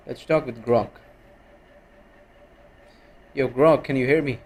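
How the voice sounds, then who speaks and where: Male streamer, casual live chat, slow bossy delivery, mid pitch. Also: a little mellow. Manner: bossy, heckling an AI assistant.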